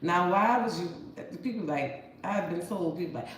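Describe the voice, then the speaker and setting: Talking to camera at a measured pace, a woman with a fairly low voice and a New Orleans accent is folksy and talkative, addressing viewers as honey and baby. The echoey room has faint ambience and a little hiss or hum.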